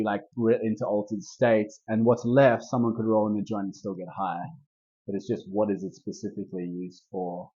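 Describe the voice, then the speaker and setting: Laid-back rambling man, husky and low. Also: a little mellow, dull audio. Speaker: herbalist leading a group talk. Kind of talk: casual workshop talk.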